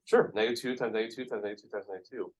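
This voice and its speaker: A man's voice: lowish voice, steady tone, rapid-fire, darkish tone, no room sound. A man teaching a math class, explaining each step casually with lots of ums and checks of "right?". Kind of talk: classroom lecture.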